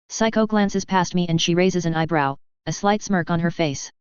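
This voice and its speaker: A woman reading fan fiction aloud as narrator in an even, steady manner, in a dull lo-fi recording. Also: lowish voice, normal speed, clean tone, no room sound.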